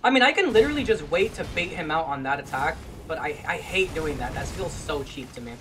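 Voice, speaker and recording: A gamer giving let's play commentary, swearing often, grumbling low and then breaking into frustrated yells at the game. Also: expressive, fairly quick, noisy background. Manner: profane, frustrated, bursts into yells. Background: game music.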